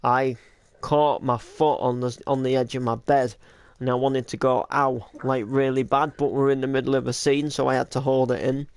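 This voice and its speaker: A man's voice: mid-range voice, level tone, moderate pace, a little mellow, clean tone. A man chatting casually as a streamer, reacting to an old video, talking easily and laughing often.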